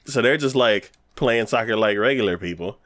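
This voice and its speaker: A man's voice: lowish voice, moderate pace, no room sound, clean studio sound. A man co-hosting a casual podcast, retelling an episode in a loose, rambling way. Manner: animated plot retelling full of acted-out quotes; loose and rambling with many fillers and restarts. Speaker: podcast co-host.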